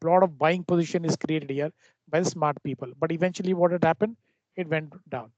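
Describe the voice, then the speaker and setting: A man with a fairly high voice walks through a trading lesson, stopping and restarting his sentences as he explains. The recording sounds dull and lo-fi, dry with no room around it. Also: fairly even intonation, darkish tone, no room sound. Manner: halting explanations with frequent restarts. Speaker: trading teacher. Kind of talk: screen-share trading lesson.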